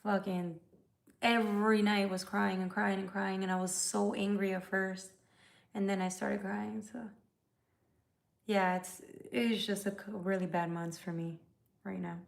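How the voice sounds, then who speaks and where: A woman's voice: mid-range voice, level tone, unhurried, vocal fry. A tired woman who reads tarot, chatting candidly and emotionally with viewers on a livestream, swearing casually. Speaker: tarot reader.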